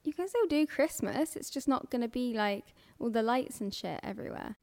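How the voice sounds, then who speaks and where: Teasing young woman, high voice. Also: expressive, normal speed, a little mellow. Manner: teasing, laughs often. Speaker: podcast co-host. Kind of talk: casual chat.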